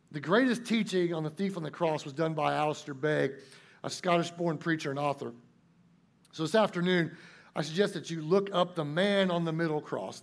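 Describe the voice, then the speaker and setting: A pastor delivering a sermon in a folksy, emphatic manner, drawing out his key points. His voice is high for a man and carries a gravelly, creaky texture.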